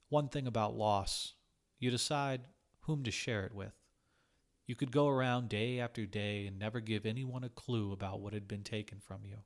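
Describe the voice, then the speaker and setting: A man reading a literary short story aloud in a calm, measured way. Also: lowish voice. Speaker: reader.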